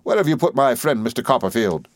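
A man reading an audiobook, voicing a jaunty, self-assured young gentleman. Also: mid-range voice, very animated, quick pace, dry recording. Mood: breezy. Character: breezy, confident young gentleman. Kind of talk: audiobook character voice.

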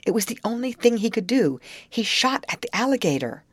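Lady reading a bossy sensible girl, firm and a bit high, storybook. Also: sing-song, fairly quick, slightly rough, no echo. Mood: scolding. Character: bossy, level-headed young girl.

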